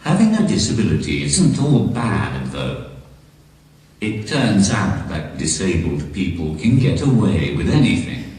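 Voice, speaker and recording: A man doing stand-up comedy through a synthesized text-to-speech voice, delivering deadpan jokes on a comedy stage. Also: low voice, unhurried, slight background noise. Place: comedy stage in a large venue. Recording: echoey hall from far off.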